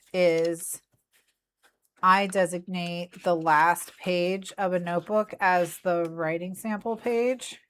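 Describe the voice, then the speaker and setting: Streaming casually from her craft desk, this woman speaks on the low side, with a little background noise audible. She chats playfully and addresses her cat while working, recorded on a desk mic with only the desk in view.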